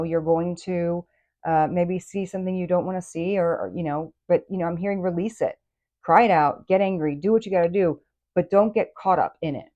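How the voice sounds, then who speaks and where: Woman, tarot reader, casual chat, lowish voice, chatty, muffled recording. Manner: chatty, animated, many fillers.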